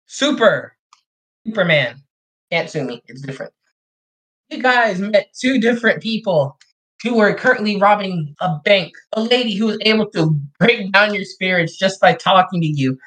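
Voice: mid-range voice, expressive, moderate pace, fairly bright tone, poor audio. A game master narrating a tabletop role-playing session in a loose, joking, chatty way.

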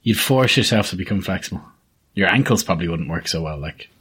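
Husky low-voiced joking man. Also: lively intonation, fast, a bit bright. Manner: playful, throws in silly one-liners. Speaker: podcast co-host. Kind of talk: casual chat.

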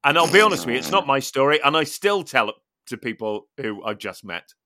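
A man hosting a podcast, telling a funny story in casual chat with animated, laughing delivery. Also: mid-range voice, fairly quick, dry recording, clean studio sound. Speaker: podcast host.

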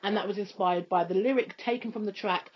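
A woman hosting a casual chat, talking quickly and loosely with lots of fillers. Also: mid-range voice. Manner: chatty, quick, full of fillers like "you know". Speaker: podcast host. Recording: muffled lo-fi recording.

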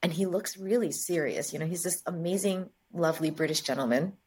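A woman from the United States, a guest in an interview, telling stories in a lively way and acting out the dialogue. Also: fairly low pitch, a little fast, breathy edge. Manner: lively storyteller, acts out dialogue. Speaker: guest, agency chief executive. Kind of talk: interview storytelling.

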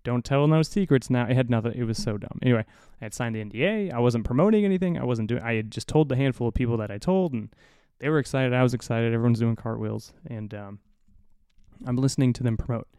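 This podcast host spins a casual, rambling story full of swearing and self-mockery, restarting his sentences many times. He talks fast at a medium pitch, his voice mellow and smooth, captured close and dry on a studio mic through an audio interface with no room sound.

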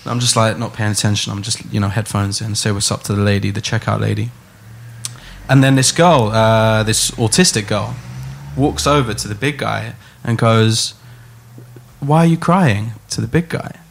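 A man's voice: lowish voice, normal speed, creaky, slight background noise. A man talks casually and tells a story with some energy. He slips into the voices of the people in it. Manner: animated storyteller, acts out voices. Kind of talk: casual chat, telling an anecdote.

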